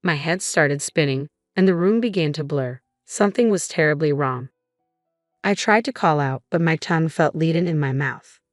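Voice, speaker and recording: A woman reading a scripted first-person story in an even, measured way. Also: sits low, no echo, clean studio sound, faint music behind. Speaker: narrator.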